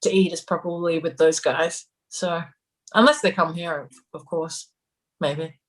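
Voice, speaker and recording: A woman's voice: on the low side, fairly even intonation, measured pace, rough recording. A young adult woman with an Australian accent tinged by London, chatting casually as a guest in an interview and rambling a little. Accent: Australian, with some London influence. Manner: rambling, chatty, laughs often. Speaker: guest musician.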